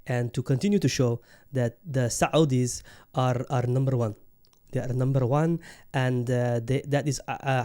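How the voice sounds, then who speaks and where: A man's voice: medium pitch, mellow, natural voice. A man voicing a proud, gushing male Arab football fan with an Arabic-accented English, rambling grandly with many fillers.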